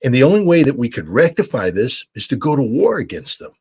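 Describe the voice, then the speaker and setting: An American man offers blunt, emphatic interview commentary as a military analyst, repeating points for stress. His mid-range voice is sing-song, fast and slightly rough, with a darkish tone.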